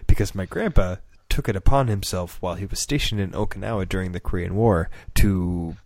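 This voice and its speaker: A man with a low voice tells a meandering anecdote on a casual podcast, breaking into laughter and putting on quick voices for the people in it. The sound is dry and close, with no room around him. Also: darkish tone, no room sound. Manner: rambling, laughs often, acts out quoted voices. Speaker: podcast co-host. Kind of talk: casual storytelling chat.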